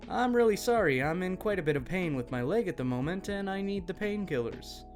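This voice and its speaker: A man's voice: high-pitched, lively intonation, fairly quick, soft background music. A man voicing a polite, apologetic woman shopper with a hurt foot in a read-out story.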